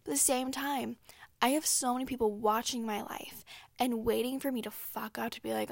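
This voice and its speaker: A woman's voice: on the high side, steady tone, a little fast, gravelly, no echo, clean studio sound. A young woman talking casually and candidly on her own, profane and emphatic, full of "like" fillers. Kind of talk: casual solo talk.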